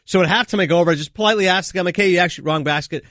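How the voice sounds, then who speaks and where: A man in his thirties from Canada, filling in as a sports radio host, chatty and quick to laugh as he tells stories. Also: high-pitched, fairly bright tone, no echo, clean studio sound. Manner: fast, chatty, laughs easily, tells stories with quoted voices. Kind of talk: casual sports talk. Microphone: studio mic.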